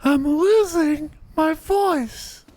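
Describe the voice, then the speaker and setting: A man putting on a strained falsetto woman's voice in game voice chat, claiming to be losing his voice. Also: drawn-out words, a little mellow, dry recording, full character voice. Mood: nervous pleading. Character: fake falsetto lady, jittery and pleading. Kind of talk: voice-chat role-play in a game.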